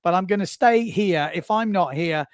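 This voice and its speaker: A man's voice: high-pitched, moderate pace, dry recording, clean studio sound. A man hosting a live stream, chatting casually while reading out viewer comments, laughing often and poking fun at himself. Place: small live booth.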